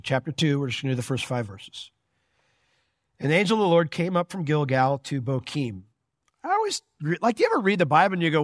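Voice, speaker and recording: A man preaching a conversational, animated Bible teaching sermon as a pastor. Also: mid-range voice, no room sound, clean studio sound.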